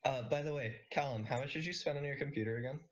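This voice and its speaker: A young man from Canada chatting casually with friends during an online game, swearing often and breaking into loud laughs. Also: mid-range voice, fast, muffled recording. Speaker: gamer on voice chat. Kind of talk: casual gaming chat.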